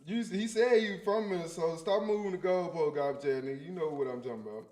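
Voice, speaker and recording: A man with a Memphis accent, co-hosting a live reaction stream, talking loud and profane in heated casual banter. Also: on the high side, fast talker, roomy sound. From Memphis, USA. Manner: loud, big-mouthed, profane, argumentative.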